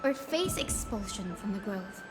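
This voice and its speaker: An actress voicing an earnest young woman in a fantasy game, recounting events in an animated storytelling way. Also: mid-range voice, measured pace, close to an everyday voice. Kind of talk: game character dialogue. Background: game music.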